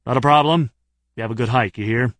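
A man voicing an older, trim security chief with a drill-sergeant bearing, who speaks in a brisk, level and authoritative way. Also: medium pitch, fairly bright tone, dry recording, close to an everyday voice. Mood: calm.

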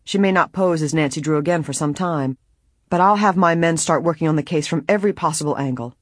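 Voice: medium pitch, quick pace, dry recording, clean studio sound, natural voice. A reader voicing a grave middle-aged police chief in an audiobook.

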